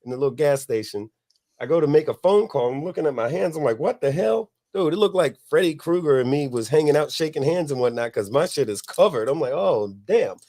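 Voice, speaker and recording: A man's voice: a little high, expressive, fairly quick, warm tone. Laid-back man telling a rowdy story. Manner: laid-back, profane, laughs at his own story. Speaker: podcast host. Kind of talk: casual storytelling.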